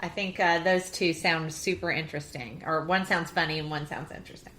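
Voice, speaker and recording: A woman's voice: low voice, steady tone, brisk, fairly bright tone. A woman co-hosting a casual podcast chat, talking in a loose, conversational way with frequent restarts. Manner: conversational, with false starts. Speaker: podcast co-host. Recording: roomy echo.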